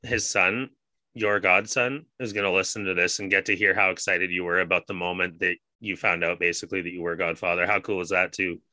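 Bright-voiced swearing podcast host. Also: male voice, low-pitched, level tone, brisk, no room sound. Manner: swears often, ranting storyteller. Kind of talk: casual podcast chat.

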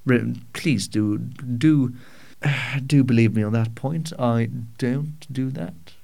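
A man's voice: medium pitch, slow pace, vocal fry, darkish tone. A man hosting a podcast in a casual solo Q&A, rambling and self-mocking with frequent stammers and swearing, in a small home studio. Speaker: podcast host.

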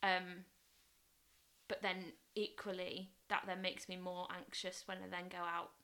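A young woman from England in casual podcast chat, thoughtful and often trailing into soft, quiet asides. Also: fairly low pitch, little pitch movement, measured pace. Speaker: podcast co-host.

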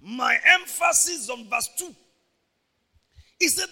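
Nigerian male pastor, sharp bright tone, animated sermon delivery, reverberant church room. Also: extremely high pitch, moderate pace, vocal fry, long pauses. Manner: animated preaching, shifts between soft talk and shouts.

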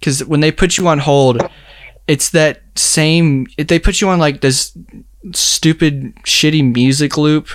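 A young man in a casual chat, telling a story in a rambling way, full of filler words and quick laughs. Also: fairly high pitch, dry recording, studio quality.

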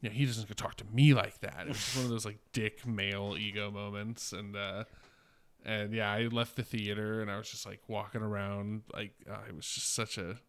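A man's voice: lowish voice, little pitch movement, moderate pace, fairly bright tone, clean tone. A man in his late twenties, a podcast co-host chatting casually, rambling with lots of fillers and swearing. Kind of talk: casual chat.

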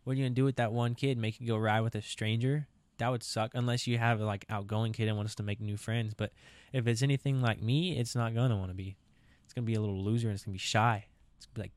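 A man's voice: fairly low pitch, steady tone, brisk, a little mellow, dry recording. A young man, talking alone on his own podcast in a casual, rambling, joking way. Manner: rambling, joking, says dude a lot. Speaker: podcast host. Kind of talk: solo casual podcast chat. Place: camper.

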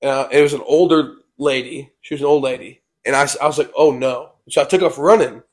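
Co-hosting a casual vlog, a young man with a mid-range voice talks fast as he tells a rambling personal story. He keeps saying "I was like."

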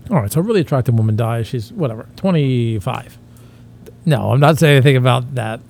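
A man's voice: medium pitch, fast, creaky, a little mellow. A man hosting a comedy podcast, rambling in crude banter and slipping into mocking voices.

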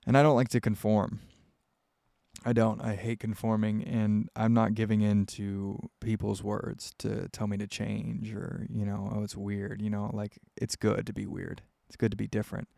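A young man hosts his own podcast, talking straight into a close microphone in a dry, dead room. His voice sits low with a gravelly edge, and he rambles candidly, full of fillers and restarts. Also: level tone, normal speed, mellow, no echo. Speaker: podcast host answering listener questions. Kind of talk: casual solo podcast.

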